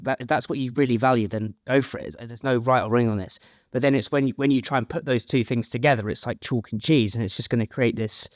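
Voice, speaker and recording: A man's voice: medium pitch, no echo, studio quality. A man hosting a podcast interview, talking in a rambling, self-deprecating, casual way with the odd swear. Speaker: podcast host.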